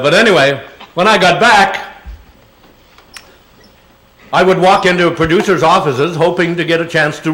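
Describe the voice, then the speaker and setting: A man's voice: on the high side, a bit bright. Older man telling rambling anecdotes. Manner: rambling anecdotes with many fillers and chuckles. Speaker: guest speaker answering audience questions. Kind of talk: public Q&A talk. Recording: echoey hall sound.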